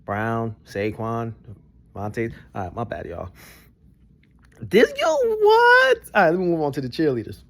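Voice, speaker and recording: A young adult man, giving casual reaction commentary that swings from low grumbles to excited bursts. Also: moderate pace. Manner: animated, jumps between low grumbles and high excited bursts. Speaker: vlogger reacting to a broadcast.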